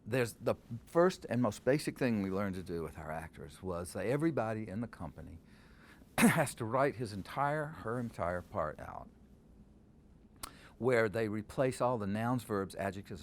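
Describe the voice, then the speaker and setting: A man's voice: fairly low pitch, normal speed, a little hiss or hum. An older man, a scholar and theater director, answering interview questions and reciting verse lines to show how they are stressed. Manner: animated, quotes verse aloud to show stresses.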